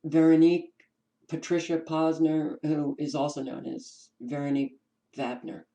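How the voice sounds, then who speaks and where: A woman with a New York accent, hosting her own channel and giving casual commentary as she reads from documents, pausing with ums and restarting words. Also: deep voice, flat delivery, mellow, low-quality recording. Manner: unhurried, stops to restart words, many ums. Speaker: channel host.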